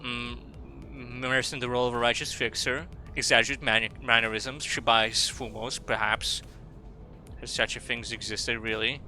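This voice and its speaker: Bright-toned Australian man streaming a game. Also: medium pitch, level tone, moderate pace, soft background music. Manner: rambling, reads game text aloud with asides. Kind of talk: casual gaming commentary.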